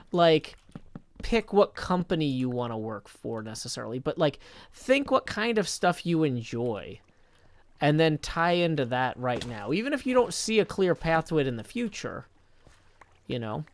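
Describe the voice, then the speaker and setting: A man's voice: a little high, sing-song, measured pace, a little hiss or hum. Chatty man streaming live. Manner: chatty, thinks aloud, reads viewer chat. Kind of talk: casual live-stream chat.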